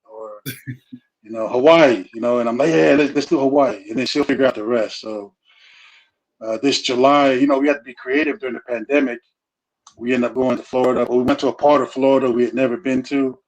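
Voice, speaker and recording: A middle-aged man speaking in a relaxed, conversational way. He wanders through his thoughts and restarts sentences often. He fills the gaps with plenty of "you know"s, and his voice sits at an ordinary middle pitch. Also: fairly quick, low-quality recording. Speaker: guest speaker on family. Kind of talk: casual conversational talk.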